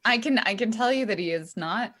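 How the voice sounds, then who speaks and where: A woman taking part in a tabletop game, chatting casually with an eager, giggly manner. Her voice sits fairly high and moves around a lot. Her tone is bright. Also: expressive, brisk. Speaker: player.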